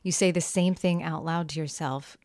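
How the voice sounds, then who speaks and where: A woman in her thirties co-hosting a podcast in casual chat, explaining things in quick, confident bursts. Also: low voice, fairly even intonation, a little mellow, no room sound, clean studio sound. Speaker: podcast co-host.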